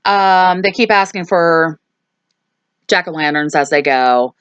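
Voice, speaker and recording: A woman who hosts a movie review channel recaps a film's plot slowly and casually, chatty and full of "um," "like," and asides. Her low-pitched voice has a clean tone and sounds dry and close, with no room sound.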